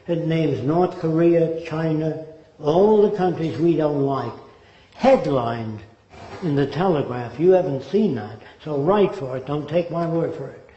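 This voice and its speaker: An older man lectures with emphatic rhetorical questions. His voice sits a little high and mellow. The recording is dull and echoes around the room. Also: animated, a little slow.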